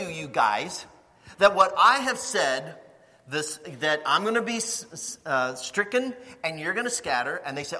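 A male pastor delivers a sermon with a bright, forceful tone and a slightly raised pitch. His delivery swings widely, acting out quoted voices and climbing toward near-shouts. The sound carries a long reverb, as in a large hall. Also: lively intonation, normal speed.

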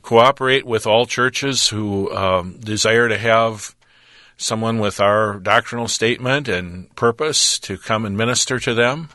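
A man speaking as a ministry representative and Bible teacher in a radio interview, earnest and measured, with a preacher's cadence and frequent pauses. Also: on the low side, pushed and bright, dry recording, clean studio sound.

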